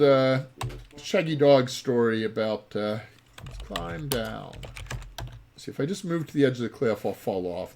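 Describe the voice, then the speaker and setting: Rambling man with a lively voice. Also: mid-range voice, creaky. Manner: rambling, full of ums and uhs. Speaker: game designer playing his own game. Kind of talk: let's play commentary.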